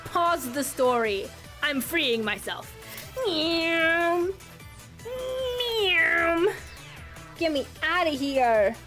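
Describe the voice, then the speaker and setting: Young female streamer, high bright voice, chatty and giggly, soft music underneath. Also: lively intonation, takes it slowly. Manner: rambling, giggly, many restarts. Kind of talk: casual storytelling to chat.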